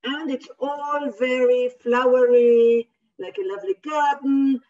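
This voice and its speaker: A woman educator, not a native English speaker, reading picture books aloud in a workshop in an animated, expressive way. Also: high-pitched, measured pace. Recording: distant, dull lo-fi.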